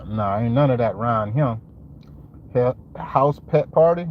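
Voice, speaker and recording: A man's voice: medium pitch, expressive, measured pace, dull audio, slight background noise. A man who runs a lawn care business, talking casually and joking to camera in a slangy, laid-back way. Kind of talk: casual vlog talk to camera.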